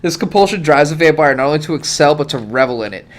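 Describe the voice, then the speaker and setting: A man narrating a tabletop role-playing game as game master, describing the action vividly. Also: quick pace. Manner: animated, laughing, acts out bystanders in high voices.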